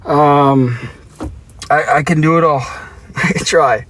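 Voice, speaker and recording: A man's voice: a little high, fairly even intonation, takes it slowly, a bit bright. Aussie guy livestreaming from his car. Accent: Australian. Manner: playful, chatty, reads and answers chat. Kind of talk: casual live-stream chat.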